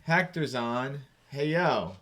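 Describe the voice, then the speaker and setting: Young male co-host, mid-pitched, ribbing his partner, easygoing stream chatter. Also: lively intonation, slow, a bit bright. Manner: teasing, loose and rambling. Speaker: podcast co-host. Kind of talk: casual livestream chat.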